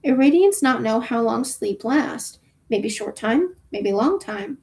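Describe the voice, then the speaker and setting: A woman's voice: fairly high pitch, expressive, a little slow, darkish tone. A woman voicing a blunt little alien who talks in clipped, broken grammar, reading a novel aloud.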